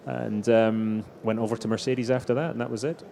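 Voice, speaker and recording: A man's voice: mid-range voice, fairly even intonation, fairly quick, vocal fry, mellow, slight background noise. A middle-aged man telling anecdotes as a guest in a live stage interview. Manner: anecdotal storytelling, frequent restarts. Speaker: racing driver guest.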